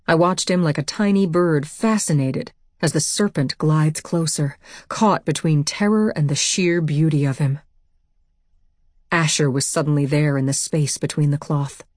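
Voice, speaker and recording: A woman narrates a first-person novel as an audiobook in a low, intense voice. The recording is dry and close, with no room echo. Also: a little mellow.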